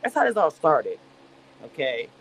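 High-voiced animated man recapping drama. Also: measured pace, creaky, a little hiss or hum, low-quality recording. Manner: animated storytelling, dramatic voicing of quotes; expressive, playful slang. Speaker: reality show recap host. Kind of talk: casual livestream recap chat. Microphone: livestream webcam mic.

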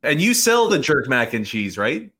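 A man hosting a casual interview, curious and quick to laugh along. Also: mid-range voice, very animated, bright, forceful tone. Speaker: interview host.

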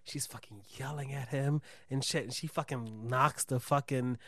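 A man chatting casually, telling an animated story with lots of swearing and laughing. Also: medium pitch, normal speed, no echo. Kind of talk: casual podcast chat.

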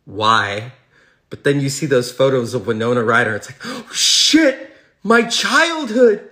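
A man hosting a film podcast, rambling in casual, profane, excitable talk. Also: mid-range voice, slightly rough, no room sound. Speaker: schoolteacher. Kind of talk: casual solo podcast monologue.

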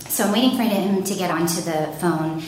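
Animated woman storyteller, very echoey room. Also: on the low side, brisk. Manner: animated, acts out panicked quotes. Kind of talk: live personal storytelling. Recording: very echoey room, faint noise.

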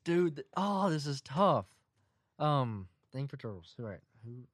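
Mumbling man thinking out loud. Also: medium pitch, big pitch swings, unhurried, no room sound, clean studio sound. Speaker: podcast co-host. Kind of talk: casual chat among friends. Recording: loud background noise.

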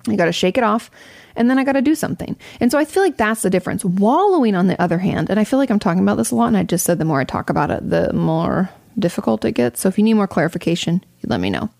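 A woman's voice: mid-range voice, animated, very fast, vocal fry, darkish tone, no echo, studio quality. A young adult woman hosting a casual advice talk, candid and conversational, swearing freely as she answers audience questions from home.

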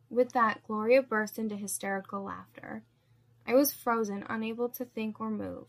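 A woman narrating a first-person story in a steady, measured reading. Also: a little high, gravelly.

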